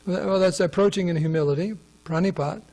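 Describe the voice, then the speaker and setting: The recording is low quality as a man with a high, mellow voice teaches a scripture class fairly quickly. He keeps it conversational, frequently turning to his listeners with questions.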